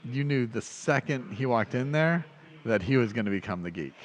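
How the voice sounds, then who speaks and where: A man co-hosting a podcast, talking about films in a casual, rambling way, excited and often restarting his sentences. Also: medium pitch, moderate pace. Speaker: podcast co-host. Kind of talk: casual film discussion.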